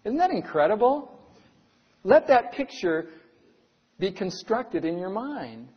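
A middle-aged male pastor with a high voice delivers an earnest sermon, asking his congregation question after question. The sound is dull and lo-fi, and his words ring out with a long reverb from a large church hall. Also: very animated, takes it slowly, husky. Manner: earnest, asks the audience rhetorical questions.

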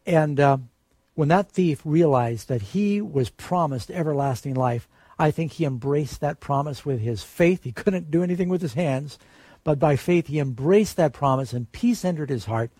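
A man's voice: fairly high pitch, expressive, normal speed, dark tone, dry recording. A man preaching a sermon in an earnest way, lifting his voice to stress the quoted promises.

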